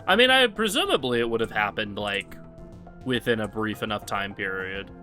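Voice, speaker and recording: A man talking through his speedrun on a live stream in a loose, rambling way, full of fillers. His voice is somewhat low but bright and forceful, with faint game music underneath. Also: moderate pace. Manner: rambling, relaxed, lots of fillers. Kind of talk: casual live-stream commentary.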